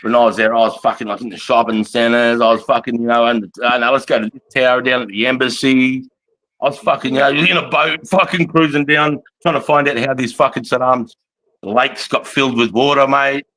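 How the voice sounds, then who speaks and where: A man's voice: mid-range voice, steady tone, fairly quick, pushed and bright. A man in his forties with an Australian accent, an army veteran telling war stories in a casual, rambling, heavily profane way and laughing often. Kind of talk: casual storytelling chat.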